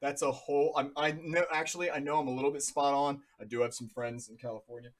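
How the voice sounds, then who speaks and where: A man's voice: medium pitch, fairly even intonation, fast. A man in his thirties from New Jersey, casually talking through charts on a live stream in a chatty, jokey way. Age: 30s. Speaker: crypto livestream host.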